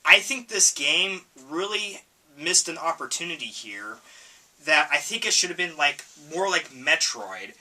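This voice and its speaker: Male game reviewer, casual and stop-start, somewhat high, bright tone, recorded off-mic. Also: lively intonation. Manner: halting, repeats words, frequent coughs and laughs. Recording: voice from far off the mic.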